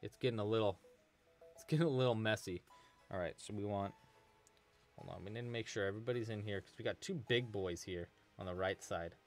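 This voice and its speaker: A man's voice: lowish voice, a little fast, soft background music. A man hosting a live crochet tutorial stream, chatting casually, thanking donors and answering the chat. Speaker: crochet livestream host.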